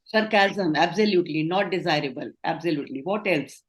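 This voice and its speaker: A woman's voice: deep voice, a little fast. A middle-aged woman with an Indian accent, leading an online training session, explaining and affirming answers. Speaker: communication trainer.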